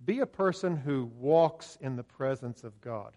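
A man's voice: medium pitch, lively intonation, a little slow, warm tone. Man, pastor, earnest sermon, plain conversational delivery, some false starts. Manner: earnest, conversational preaching with hesitant restarts.

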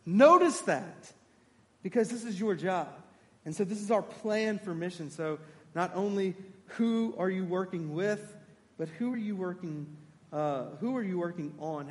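Man preaching, high voice, emphatic, echoing hall. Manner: animated, emphatic, asks the congregation questions. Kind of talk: sermon.

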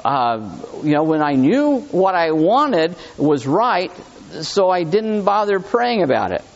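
A man preaching a sermon in a conversational, animated way, reading scripture aloud and talking it through with his listeners. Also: high-pitched, takes it slowly, muffled recording. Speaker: pastor.

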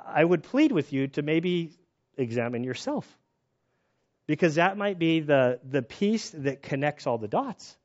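A man's voice: fairly high pitch, moderate pace. Storytelling man preaching, muffled sound. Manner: storytelling, animated retellings with laughs. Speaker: pastor. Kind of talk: sermon.

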